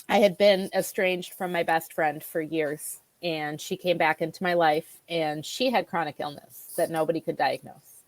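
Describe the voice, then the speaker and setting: A woman guest telling her own health story in a chatty, animated way, often restarting her sentences. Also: lowish voice, no room sound. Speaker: guest, nutritional therapy practitioner. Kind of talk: conversational personal storytelling.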